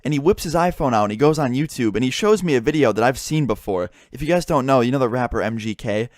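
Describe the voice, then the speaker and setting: A young man rattles through a story at a quick clip, in a voice of middling pitch that sits close and dry on the mic. He swears freely and slips into the voices of his friends as he retells it. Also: no echo. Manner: swearing, animated retelling with quoted dialogue. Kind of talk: casual storytelling.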